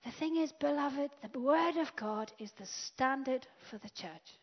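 A woman preaching a sermon, swinging from loud declarations to hushed whispers. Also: high voice, unhurried. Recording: dull lo-fi sound.

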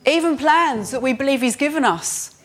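A woman preaching a sermon, earnest, rising in pitch on emphasis and slowing down to read scripture. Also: lively intonation, fairly bright tone.

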